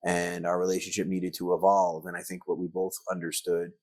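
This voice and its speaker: A man's voice: sits low, completely flat delivery, fairly quick, darkish tone. A middle-aged man, a guest on a podcast interview, telling rambling anecdotes full of filler words. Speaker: guest, actor and filmmaker.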